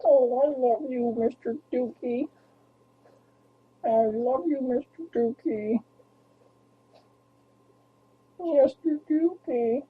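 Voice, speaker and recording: A small male dachshund whines and pleads in a high, nasal, froggy puppet voice, as a man puts him on. The voice is husky and strained. It comes through thin, tinny audio, as if over a phone line. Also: slow pace, heavily acted. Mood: doting.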